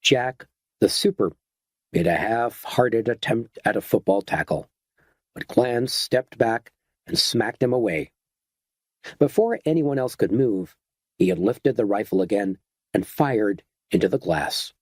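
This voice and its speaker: A man giving a steady, dramatic scripted narration of a horror audiobook. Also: lowish voice, a little slow, breathy edge, no room sound.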